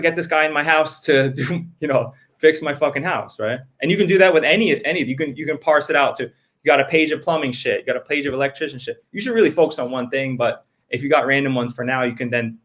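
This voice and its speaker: A man's voice: medium pitch, a bit bright. A man giving blunt, profane business advice in casual chat, acting out customers' quotes as he goes.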